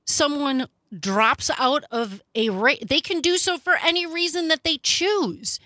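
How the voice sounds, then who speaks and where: A woman hosting political talk radio, sarcastic and animated, with quick asides. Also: high-pitched, dry recording. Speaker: radio talk show host.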